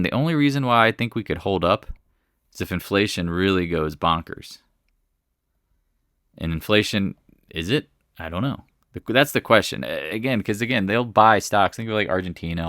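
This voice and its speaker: Male market commentator, casual and blunt, low pitch, punchy tone. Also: sharp tone, dry recording, clean studio sound. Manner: blunt, exclamatory, repeats "again" and "right?". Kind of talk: casual chart review commentary.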